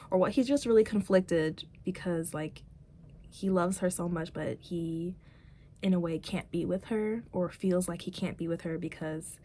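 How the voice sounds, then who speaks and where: A woman's voice: lowish voice, dark tone, slight background noise. Rambling woman vlogger, casual chat. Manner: rambling, many fillers, acts out quotes.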